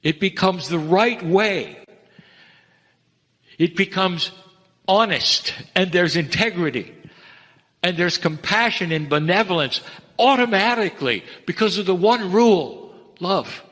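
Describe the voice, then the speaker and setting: A man delivering a channeled spiritual message, measured and earnest, addressing listeners as dear ones. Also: high-pitched, animated, fairly bright tone. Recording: long reverb of a hall.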